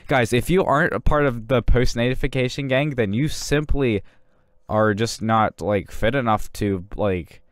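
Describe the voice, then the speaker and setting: A man parodying a hype gaming YouTuber, rushing through his lines and saying "guys" constantly. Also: medium pitch, no echo, clean studio sound, lightly acted. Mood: excited. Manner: rushed, says "guys" constantly.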